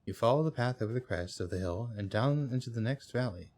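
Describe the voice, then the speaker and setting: This let's play host talks fast, his darkish medium voice lively in intonation. While playing, he reads the story text out loud, stumbling through hesitations and frequent self-corrections.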